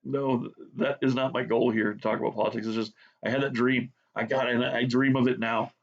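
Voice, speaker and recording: A man's voice: medium pitch, flat delivery, fairly quick, creaky. Profane ranting man, muffled audio. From United States. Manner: blunt, profane, sarcastic. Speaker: art vlogger. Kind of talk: profane rant while drawing.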